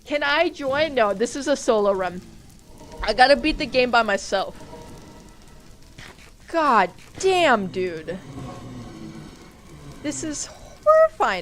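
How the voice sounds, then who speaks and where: Young female streamer, higher voice, jumpy and swears a lot, faint hiss behind. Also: expressive, takes it slowly, long pauses. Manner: jumpy, swearing, talks to chat. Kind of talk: live gameplay stream chat.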